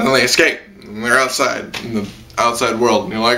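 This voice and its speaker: A man's voice: lively intonation, normal speed, hardly any pauses, background noise. A man giving a casual spoken anime review, rambling with lots of fillers. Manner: rambling, heavy on fillers, jumps into high-pitched mock quotes.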